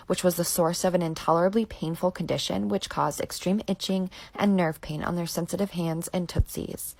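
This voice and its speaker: A woman narrating a short video clip with lively, emphatic delivery. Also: fairly low pitch, gravelly, no room sound.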